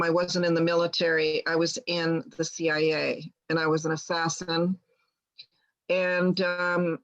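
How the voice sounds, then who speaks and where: A woman's voice: fairly low pitch, a bit bright, poor audio. A woman telling a long personal story in a rambling way, with many restarts. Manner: rambling with restarts, quotes others plainly. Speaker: guest healer telling her story. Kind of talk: casual storytelling.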